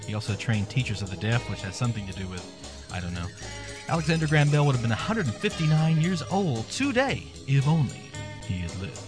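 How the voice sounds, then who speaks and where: A man's voice: mid-range voice, sing-song, brisk, music in the background. A man hosting a comic show, delivering a sarcastic, rambling, irreverent monologue. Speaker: podcast host.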